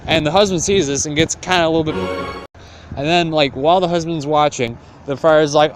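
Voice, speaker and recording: A man's voice: a little high, fairly quick, faint music behind. A young man retelling a classic tale as comedy, rambling and slangy with lots of fillers. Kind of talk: comic casual retelling.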